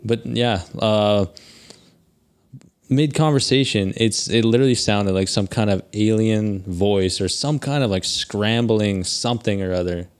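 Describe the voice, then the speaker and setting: A man in casual podcast chat, telling an anecdote with quick asides and fillers. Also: lowish voice, clear, resonant tone.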